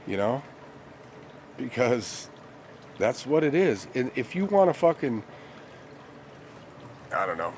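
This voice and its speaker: A man's voice: medium pitch, very animated, slow pace, pauses often, a little mellow, slight background noise. A young man ranting bluntly and profanely in a rambling casual monologue to his viewers. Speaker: vlogger.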